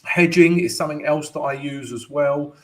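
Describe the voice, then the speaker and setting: A man's voice: fairly high pitch, moderate pace. A man hosting a live-stream trading lesson and Q&A, chatty and loose, ending points with "right?". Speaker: forex trading educator and host. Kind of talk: live-stream market analysis and Q&A.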